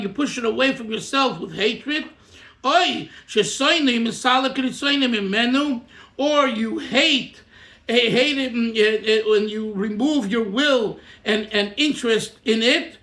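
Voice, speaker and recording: Male rabbi, very high, bright and forceful voice, reads Hebrew and explains it in English, recorded in an echoey room. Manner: reads Hebrew lines and explains them in English, breaks into song. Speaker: rabbi teaching a text. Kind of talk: Torah class, reading and translating a text.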